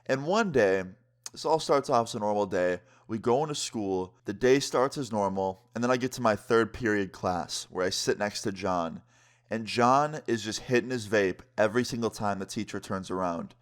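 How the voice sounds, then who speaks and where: Young dude vlogger, lowish voice, telling a story, swears a lot, lots of slang. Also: male voice, normal speed. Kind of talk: casual storytime.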